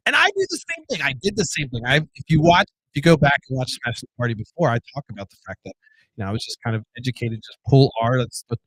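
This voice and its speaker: A man's voice: on the high side, fairly bright tone, dry recording, low-quality recording. A man hosting his own talk show alone, blunt and rambling, cursing often and restarting sentences. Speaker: podcast host. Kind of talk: solo casual monologue.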